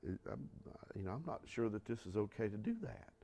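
A man preaching a sermon, acting out dialogue and putting questions to the congregation, swinging from loud outbursts to quiet asides. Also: lowish voice, animated, brisk, gravelly, husky. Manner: acts out quoted dialogue, asks the congregation questions. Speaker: pastor.

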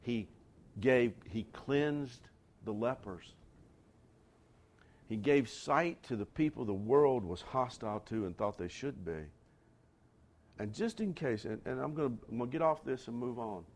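A man preaching a sermon, talking straight to his congregation with conversational asides and building to forceful emphatic lines. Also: mid-range voice, lively intonation, unhurried, pauses often. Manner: rising to emphatic near-shouts on key lines. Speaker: pastor.

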